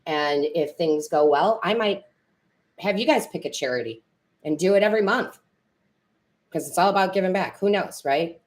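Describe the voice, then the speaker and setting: A woman's voice: lowish voice, lively intonation, moderate pace, pauses often. A woman tarot reader and medium chatting with viewers on a live stream, rambling and correcting herself, teary and emotional.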